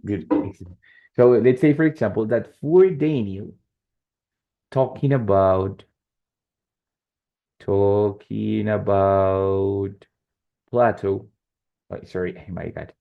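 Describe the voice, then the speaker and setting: A man teaching an online English lesson, explaining slowly and often checking in with "right?" and "yes?". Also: lowish voice, expressive, gravelly. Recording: dull lo-fi call audio.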